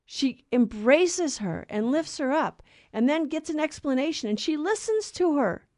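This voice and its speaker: A woman's voice: sits high, very animated, unhurried, darkish tone, no echo, clean studio sound. A woman co-hosting a Catholic talk show, teaching in an earnest, storytelling way. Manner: earnest storyteller who acts out quoted voices. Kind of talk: conversational faith teaching.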